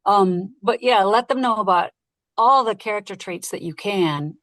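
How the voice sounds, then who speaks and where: A woman who narrates audiobooks, talking casually and lively in an interview and laughing easily. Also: mid-range voice, dry recording. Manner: lively, chatty, quick to laugh.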